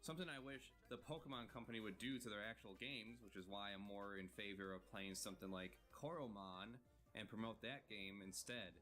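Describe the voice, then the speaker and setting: A man's voice: on the low side, a little fast, bright, forceful tone, soft background music. A man hosting his own channel, giving sarcastic, profane commentary while he makes art. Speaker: channel host. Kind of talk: commentary over art making.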